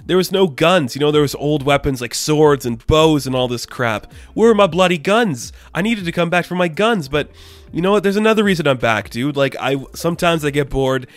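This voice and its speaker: A man's voice: a little high, expressive, brisk, lightly acted. A man voicing a brash undead male warrior who talks like a laid-back bro and says "dude" a lot. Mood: boastful.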